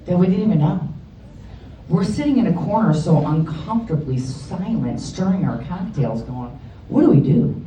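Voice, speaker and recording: A woman from the Chicago area delivers a blunt, profane, and funny eulogy for her best friend. Her voice is low and dark, with slight background noise, captured by a distant mic in a roomy hall with a crowd present.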